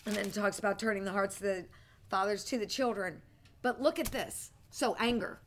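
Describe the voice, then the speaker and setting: A woman teaching a ministry class, telling stories in an animated way and often breaking into laughter. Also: mid-range voice, a little fast, slight background noise. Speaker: church teacher.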